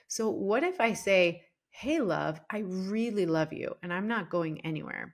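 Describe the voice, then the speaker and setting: A woman in her forties chatting as a podcast guest, with a voice of ordinary pitch for a woman. She tells stories from her marriage in a loose, lively way and slips into quoted lines from past arguments. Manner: animated, acts out past scenes in her own voice. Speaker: relationship coach and author, podcast guest. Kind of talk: casual podcast interview storytelling.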